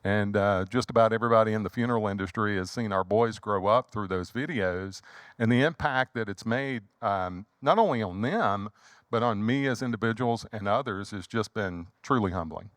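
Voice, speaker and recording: Animated Southern man telling a story. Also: fairly low pitch, normal speed, dry recording. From Louisiana. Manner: animated storyteller who acts out quotes. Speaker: guest, funeral home owner. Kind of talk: storytelling in casual chat.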